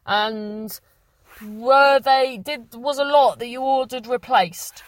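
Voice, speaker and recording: A woman's voice: a little high, slow, no room sound. A young woman hosting a podcast, chatting casually and reading out listener messages, rambling and correcting herself. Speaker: podcast host.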